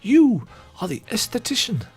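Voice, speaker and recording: A man's voice: high voice, wildly swooping pitch, moderate pace, breathy edge, faint music behind, voice pushed up, exaggerated voice. A man voicing an awestruck woman customer who gushes theatrically about her new beauty. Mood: rapturous. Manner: breathless, gushing, theatrical.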